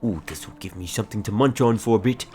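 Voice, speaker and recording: A man voicing an excitable, hungry male village character from a fantasy game, reading his lines in a giddy, effusive way. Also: fairly low pitch, fast talker, slight background noise, natural voice. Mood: cheerful.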